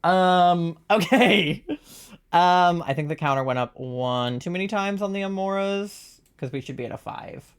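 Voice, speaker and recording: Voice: mid-range voice, lively intonation, a little slow, clear, resonant tone. A young adult streamer from Virginia chatting casually during a live gaming stream, rambling, swearing freely and laughing often.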